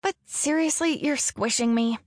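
In audiobook dialogue, a woman voices a defiant, sarcastic seventeen-year-old girl, sounding snappy. Her high-pitched voice, set above her own natural pitch yet close to an everyday voice, comes at normal speed in a dry, studio-quality recording.

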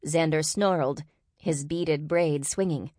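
A woman reads an audiobook with steady, expressive narration. Her voice is low, and the recording is dry and close, with no room around it. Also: takes it slowly, dry recording. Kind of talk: scripted narration.

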